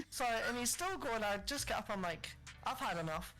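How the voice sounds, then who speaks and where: A woman co-hosting a podcast, telling customer service stories in a casual, animated way, acting out angry customers and swearing freely. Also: medium pitch, normal speed, hardly any pauses, soft background music, rough recording. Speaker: podcast co-host. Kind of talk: casual storytelling chat.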